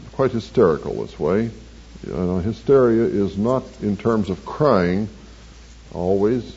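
A man, a church counselor, telling the story of a counseling session in a measured, earnest way. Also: on the low side, warm tone, husky. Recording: dull lo-fi recording with faint hiss.

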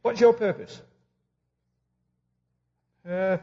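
High, lively preacher man on a dull recording. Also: a little slow, long pauses. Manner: storytelling, acting out both sides of conversations. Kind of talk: humorous sermon.

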